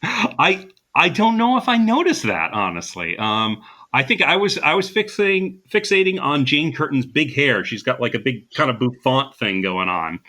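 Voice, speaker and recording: A man's voice: medium pitch, very animated, moderate pace, pushed and bright. A man co-hosting a casual podcast, chatting with plenty of fillers and easy laughs. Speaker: podcast co-host.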